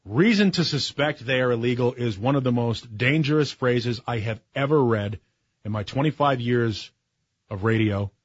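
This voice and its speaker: A man's voice: medium pitch, normal speed, slightly rough, dry recording, highs cut off. A man in his forties, a talk radio host, speaking in a sarcastic, opinionated monologue that builds to heated emphasis. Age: 40s. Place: radio studio.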